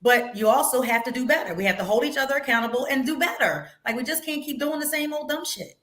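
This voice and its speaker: A woman's voice: high voice, fast talker, a bit bright, reverberant. A woman hosting a casual talk show, outspoken, swearing freely and laughing often. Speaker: podcast host. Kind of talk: casual chat.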